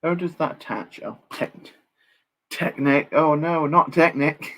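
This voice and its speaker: A man's voice: a little high, a little slow, a bit bright. A young man chatting casually on a live stream while building, reading chat aloud and joking at his own expense. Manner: chatty, reads chat aloud, self-deprecating jokes.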